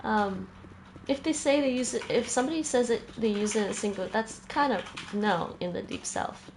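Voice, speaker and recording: A woman's voice: on the high side, normal speed, background noise. A woman streaming a video game, chatting casually with her viewers and laughing often. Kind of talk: casual chat while gaming.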